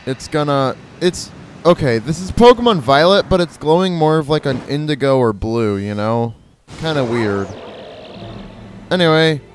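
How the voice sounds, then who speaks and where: A man's voice: on the high side, expressive, moderate pace, a little hiss or hum. A man casually commenting on his own gameplay, rambling playfully and correcting himself as he goes. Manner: rambling, playful, self-correcting, imitates creature cries. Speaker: gameplay video host. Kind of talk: casual let's-play commentary.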